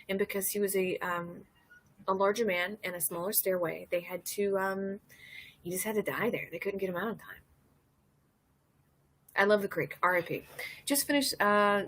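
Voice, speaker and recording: Breathy woman, thirties, loose chatty livestream host, giggly storyteller. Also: mid-range voice, moderate pace, a bit bright. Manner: rambling, laughing storyteller reading chat. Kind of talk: casual drinking livestream chat.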